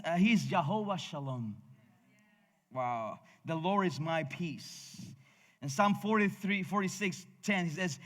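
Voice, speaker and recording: A man's voice: fairly high pitch, lively intonation, slow pace, a bit bright, long reverb tail. A male pastor with a Spanish accent preaching a passionate sermon, with frequent restarts and laughs. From Cuba. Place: church sanctuary.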